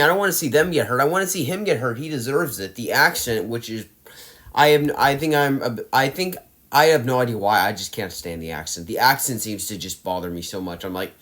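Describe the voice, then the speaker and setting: A young man delivers a casual monologue ranking films. He rants with emphatic exasperation, letting out sighs and groans as he runs through them, in a voice of ordinary middle pitch. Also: fairly bright tone. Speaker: movie reviewer.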